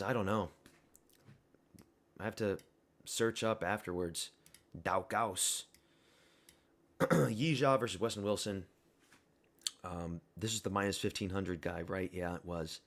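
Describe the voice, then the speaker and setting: A young man giving a casual, blunt and rambling fight review monologue, full of opinions and fillers. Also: lowish voice. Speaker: MMA commentary YouTuber.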